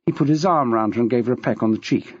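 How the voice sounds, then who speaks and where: A man narrating an audiobook in a measured, expressive reading style. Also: mid-range voice, slightly rough, no room sound. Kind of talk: scripted narration. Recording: dull, dry.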